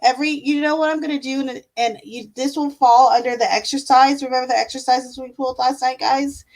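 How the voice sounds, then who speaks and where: A woman with a fairly high voice hosts a live tarot stream. Her talk is relaxed and affectionate, full of pet names for her viewers and easy fillers between her thoughts. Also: brisk, low-quality recording. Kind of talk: casual live-stream chat with tarot reading.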